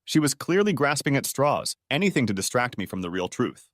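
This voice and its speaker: A man reading a first-person story aloud as a narrator, steady and measured. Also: medium pitch, no echo, studio quality.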